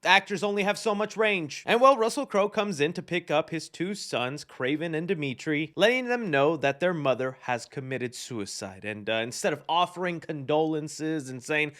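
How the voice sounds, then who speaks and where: A man giving a casual spoiler film review with sarcastic, animated asides. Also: fairly high pitch, normal speed, few pauses.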